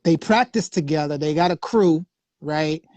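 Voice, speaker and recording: A man guest telling a story in a lively, slangy, laughing way. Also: fairly high pitch, normal speed, no room sound. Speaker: guest musician. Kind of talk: casual storytelling.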